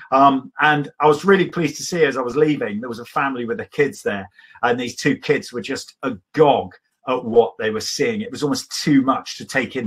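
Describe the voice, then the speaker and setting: A man telling travel stories at a live evening talk with a husky, slightly breathy voice. He rambles with enthusiasm and pauses for fillers while he walks the audience through his slides. His voice sits at a middling pitch. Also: fairly bright tone. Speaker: adventurer giving a travel talk.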